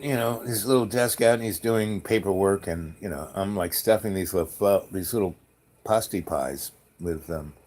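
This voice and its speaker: Male storyteller, lowish voice, casual rambling anecdote with lively acted-out quotes.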